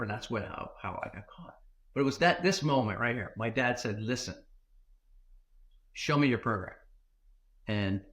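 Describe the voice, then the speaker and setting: A man telling a story as a podcast guest, with an ordinary mid-pitched voice. He speaks in an animated way, with lots of fillers and restarts. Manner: animated, with fillers and self-corrections. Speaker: guest, former tech executive.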